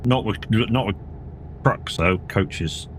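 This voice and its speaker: A man's voice: lowish voice, slow, a little hiss or hum. A tired man streaming a game, chatting casually in a rambling way and swearing now and then. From England. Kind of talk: casual live-stream chat while playing.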